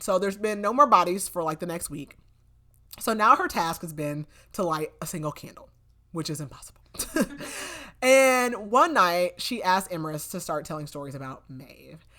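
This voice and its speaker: A woman's voice: fairly low pitch, pushed and bright. Chatty young woman recapping a book. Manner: chatty, filler-heavy retelling with quoted lines. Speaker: podcast co-host. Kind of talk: casual book recap chat.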